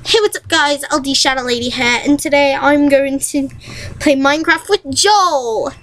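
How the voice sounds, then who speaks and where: Girl imitating a bubbly high gaming host. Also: moderate pace, fairly bright tone. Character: bubbly female gaming YouTuber.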